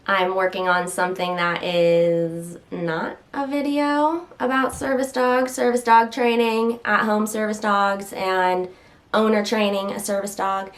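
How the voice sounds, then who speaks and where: A woman casually chatting to the camera at home while standing, slightly out of breath, rambling and interrupting herself with occasional stutters. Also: medium pitch. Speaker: health vlogger.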